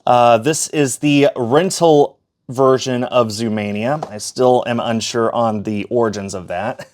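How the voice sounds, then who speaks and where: Guy chatting thru his disc shelf, lots of uhs, keeps correcting himself, mid pitch. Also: a little slow, darkish tone, a little hiss or hum. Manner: chatty, fillers and self-corrections. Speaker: collector showing his shelf. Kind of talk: casual collection tour vlog.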